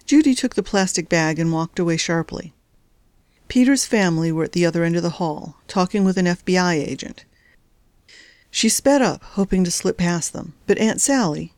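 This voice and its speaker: A woman reading a novel aloud as narrator, in a measured, even storytelling delivery. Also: lowish voice, no echo. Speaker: audiobook narrator. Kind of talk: scripted narration.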